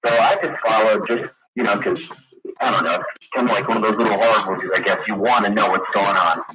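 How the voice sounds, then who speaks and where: Heavy background noise surrounds this lowish, quick-talking man. He's a late-night radio caller spinning a rambling story full of fillers and restarts, heard through a dull, lo-fi broadcast with crowd sounds.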